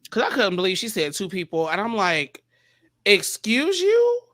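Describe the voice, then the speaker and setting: A man hosting a casual panel chat, animated and quick to act out other people's lines. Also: high voice, no room sound. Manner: animated, quotes people in exaggerated voices. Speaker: panel host.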